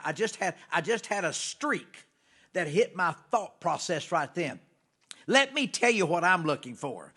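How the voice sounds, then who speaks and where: A man with a somewhat high voice delivers a fired-up motivational address. He hammers his points with repetition and swells into loud exhortations before dropping to quick asides. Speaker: motivational speaker hosting a live broadcast. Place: theater or studio.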